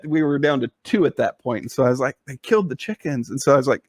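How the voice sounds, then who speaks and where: A man's voice: medium pitch, animated, fast talker, darkish tone, no room sound, clean studio sound. A man co-hosting a podcast, telling a long casual story, full of fillers and restarts. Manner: rambling, with many fillers and restarts. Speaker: podcast co-host.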